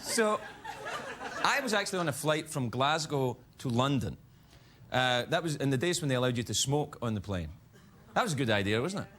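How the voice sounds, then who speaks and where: Animated, self-mocking male late-night host. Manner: animated, self-mocking, laughs at his own jokes; jumps into high, yelping asides. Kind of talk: stand-up comedy monologue. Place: TV studio with a live audience. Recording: audience laughter and room noise. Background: live studio audience laughing.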